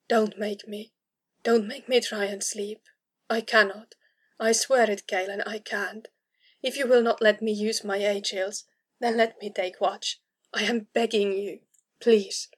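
A woman voicing a wounded, exhausted woman fighter who speaks slowly and in a hushed, pleading way. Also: medium pitch, steady tone, slightly rough.

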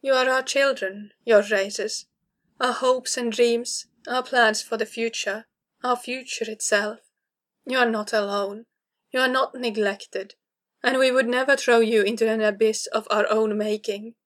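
A woman reading the part of an ancient, gentle alien man in a story, with calm and solemn speech. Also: on the high side, a little slow.

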